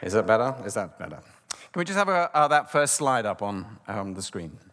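A man giving a sermon as guest preacher, telling a story and swinging between loud and hushed delivery. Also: fairly low pitch, sing-song, moderate pace. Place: church. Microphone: room microphone. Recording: long church reverb.

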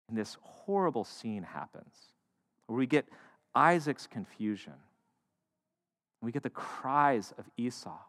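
A man preaching a sermon, retelling a story with animated, joking asides. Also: mid-range voice, slow pace, pauses often. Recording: echoey hall.

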